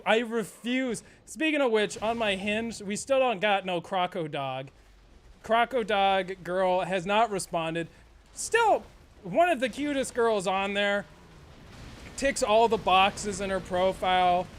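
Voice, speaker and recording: A man's voice: sits high, slow pace, fairly bright tone. A young man streaming a game, chatting in a rambling, profane way and laughing often. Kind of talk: casual gameplay chat.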